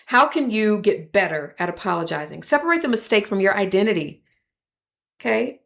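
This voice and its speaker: A woman's voice: fairly low pitch, vocal fry. A woman, hosting a faith-based teaching talk and addressing listeners as "y'all" in an earnest, preacher-like way. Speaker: podcast host.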